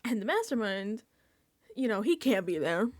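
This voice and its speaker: A woman's voice: mid-range voice, big pitch swings, moderate pace, darkish tone, dry recording. A woman recapping a reality TV episode in a casual reaction vlog, sarcastic and exasperated, swearing freely.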